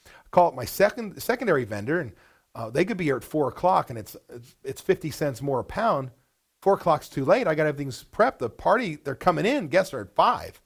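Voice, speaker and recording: A man presenting a business webinar to restaurant owners, blunt and animated, firing off rhetorical questions. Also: a little high, fairly quick, gravelly, breathy edge.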